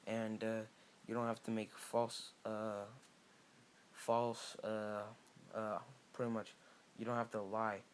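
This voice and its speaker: A man's voice: lowish voice, flat delivery, slow pace, a little hiss or hum. A man voicing a brash young male ninja hero who talks bluntly and impatiently, close to his own voice. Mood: scolding.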